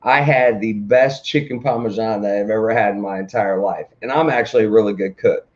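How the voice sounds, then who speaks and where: A man co-hosting a casual live morning show, talking in a halting, rambling way with lots of fillers and restarts. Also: fairly low pitch, muffled recording. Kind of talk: casual live-stream chat.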